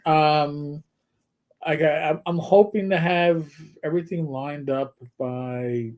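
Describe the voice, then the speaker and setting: A man's voice: a little high, takes it slowly. A middle-aged man chatting casually as co-host of a live show. He rambles through anecdotes, stumbles and restarts, and breaks into playful impressions along the way. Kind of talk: casual chat.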